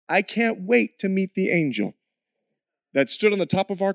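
A man, a missionary, tells his story in an animated way with frequent laughs, then slows into an earnest prayer. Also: sits high, dry recording, studio quality. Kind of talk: testimony story ending in prayer.

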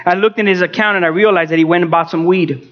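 A male pastor giving a personal testimony, dramatic, swinging between loud outbursts and hushed tones. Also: high-pitched, steady tone, fast, lo-fi sound.

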